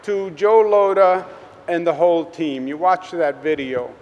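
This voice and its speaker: Man with a Queens accent, governor at a press event, higher voice, long reverb, faint noise behind. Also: steady tone, a little mellow, lo-fi sound. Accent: Queens New York. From Queens, New York. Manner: conversational, halting with many fillers. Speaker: state governor. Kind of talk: public speech at a press event. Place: public event at a tunnel site.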